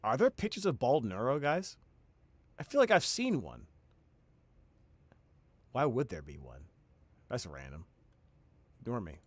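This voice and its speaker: A man's voice: mid-range voice, very animated, a little slow, pauses often, no echo. A man reacting to a video in casual commentary, incredulous and stammering, often laughing.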